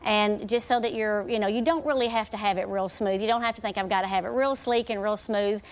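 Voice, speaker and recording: A woman's voice: medium pitch, fairly even intonation, brisk. Casual hairstylist woman on TV. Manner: casual, lots of "you know" and "kinda". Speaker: hairstylist guest. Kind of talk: TV guest demonstration. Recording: worn, lo-fi videotape.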